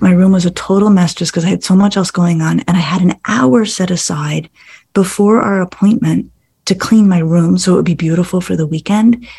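Middle-aged woman guest expert, gravelly husky tone, thoughtful explainer who breaks into lively teen impressions. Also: medium pitch. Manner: thoughtful, explanatory, animated when acting out teens. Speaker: clinical psychologist guest. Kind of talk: podcast conversation.

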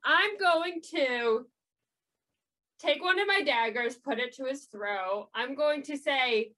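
A woman playing a tabletop game who talks slowly and haltingly, pausing on ums. Her voice is bright and slightly high. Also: expressive, rough recording. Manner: hesitant, halting, many ums. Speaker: player.

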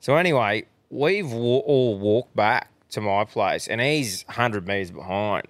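A man's voice: on the low side, expressive, takes it slowly, hardly any pauses, no room sound. A young Australian man co-hosting a casual podcast chat, swearing freely and laughing through his stories. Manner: swearing, yarn-spinning, laughs often. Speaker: podcast co-host.

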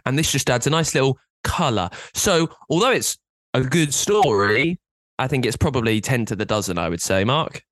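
A man co-hosting a podcast, rambling casually with frequent halting restarts. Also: mid-range voice, lively intonation, a bit bright, no room sound. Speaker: podcast co-host. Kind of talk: casual chat.

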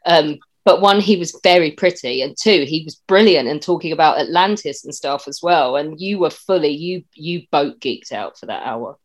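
Low-voiced teasing woman host. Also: animated, normal speed, hardly any pauses. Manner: teasing, storytelling. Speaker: podcast host. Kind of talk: casual chat.

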